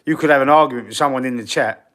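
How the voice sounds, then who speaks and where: A man's voice: mid-range voice, very fast, fairly bright tone. A middle-aged man with a Cockney London accent hosts a football channel's live stream. He rambles casually, reads viewer comments aloud, answers them, and swears now and then.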